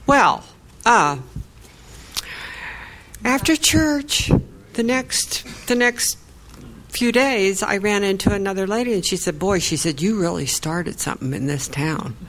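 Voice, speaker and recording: A woman's voice: medium pitch, normal speed, fairly bright tone, low-quality recording. Woman caller, conversational storyteller, quotes herself and others. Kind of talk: telling a personal church story.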